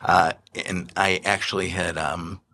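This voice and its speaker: A man in his sixties, telling stories as an interview guest, animated, often laughing and restarting his sentences. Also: low-pitched, a little slow, slight background noise. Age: 60s. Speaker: investment manager and podcast guest. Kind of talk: anecdotal interview storytelling.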